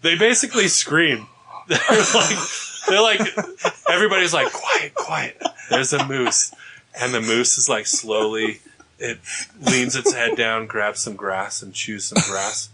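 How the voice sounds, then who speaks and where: A man hosting a podcast in casual chat, telling animated stories and laughing often. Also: mid-range voice, measured pace, slight background noise.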